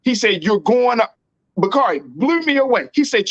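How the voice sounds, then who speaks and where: A man's voice: sits high, big pitch swings, moderate pace, no room sound, dull audio. A man hosting a political talk show, speaking in an emphatic, slangy and repetitive way. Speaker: host.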